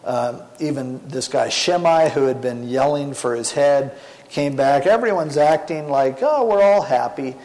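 A middle-aged man preaching in a relaxed, colloquial way, retelling scripture as if it were gossip among friends. His voice sits at an ordinary pitch for a man. A long hall reverb trails behind every phrase. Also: unhurried. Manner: colloquial and chatty, slangy paraphrase. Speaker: pastor. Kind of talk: casual sermon retelling a Bible story.

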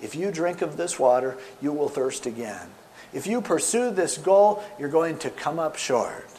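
A man preaching a sermon with animated storytelling, swinging between loud emphasis and soft asides. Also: fairly high pitch, unhurried, slight background noise. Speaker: pastor.

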